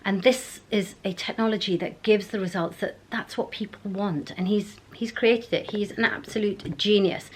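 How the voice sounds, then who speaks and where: A woman talks straight to her camera at home, casual and rambling, chatting away while she goes through her routine. Her voice sits at an ordinary, middle pitch for a woman. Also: fairly even intonation, normal speed, low-quality recording. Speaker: beauty vlogger. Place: at home, indoors.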